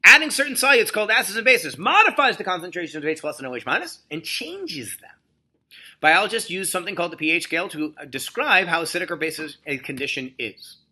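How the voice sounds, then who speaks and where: A man's voice: high voice, sing-song, fast, bright, forceful tone. A man teaching biology in a recorded lecture screencast, explaining slides with jokey asides and frequent "okay?" and "right?" checks.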